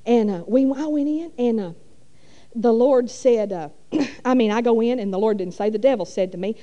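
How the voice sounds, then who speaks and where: Middle-aged woman, warm mellow tone, folksy rambling church testimony. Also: a little high, moderate pace, highs cut off. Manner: folksy rambling with many fillers. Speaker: church speaker. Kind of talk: testimony storytelling.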